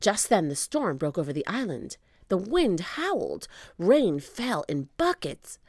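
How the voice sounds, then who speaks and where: Expressive woman reading a children's book. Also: fairly low pitch, a little slow, creaky, no echo, studio quality. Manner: expressive storytelling narration. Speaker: storyteller. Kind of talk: children's book read-aloud.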